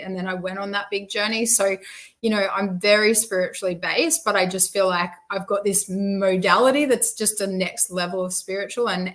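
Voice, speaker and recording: Brief: woman guest, mid-pitched voice, chatty and rambling, filler-heavy. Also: fairly bright tone, low-quality recording. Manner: rambling, frequent fillers, self-interrupting. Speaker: podcast guest. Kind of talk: casual conversational interview.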